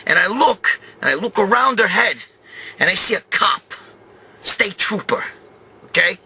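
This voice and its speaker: Foul-mouthed animated storyteller, man in his fifties. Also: high-pitched, a little slow, slightly rough. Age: 50s. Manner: swears constantly, animated streetwise storytelling. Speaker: show host. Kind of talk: profane rambling anecdote.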